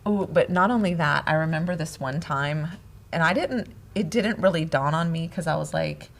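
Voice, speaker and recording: A middle-aged woman co-hosting a casual talk on marriage, telling stories in an animated way and laughing often. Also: low-pitched, normal speed, creaky, slight background noise. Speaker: podcast co-host, wife. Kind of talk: casual conversation about marriage.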